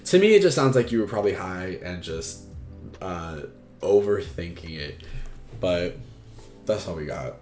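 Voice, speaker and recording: A man's voice: low-pitched, lively intonation, measured pace, pauses often, a little mellow, reverberant, faint music behind. A man hosting an advice livestream, talking frankly and casually with lots of fillers and swearing. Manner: frank and chatty, swears freely, many fillers. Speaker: advice stream host.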